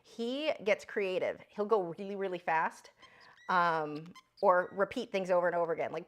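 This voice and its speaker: A woman giving a chatty live drawing lesson, breaking off now and then to talk to her pet bird. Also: normal speed. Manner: high squeaky voice when talking to her bird. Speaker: art instructor.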